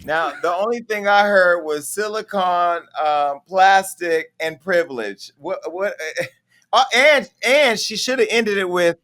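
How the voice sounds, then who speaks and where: A man's voice: sits high, lively intonation, a little slow, a bit bright. A man hosting a casual entertainment news talk show, chatty with laughing asides. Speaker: host. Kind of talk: casual gossip show chat.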